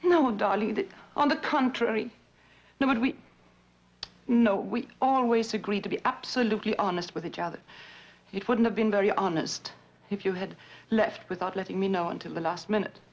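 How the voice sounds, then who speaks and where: An actress playing an abandoned woman on the phone to her lover, halting and soft-spoken as she insists she is calm. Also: mid-range voice, natural voice. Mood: strained. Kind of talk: dramatic monologue, one side of a phone call. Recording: dull lo-fi recording.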